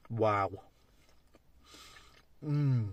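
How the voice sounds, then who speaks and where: A man's voice: medium pitch, no echo, dull audio. Chatty man reviewing food. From England. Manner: chatty, matey, talks between bites. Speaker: food vlogger. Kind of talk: casual food review vlog.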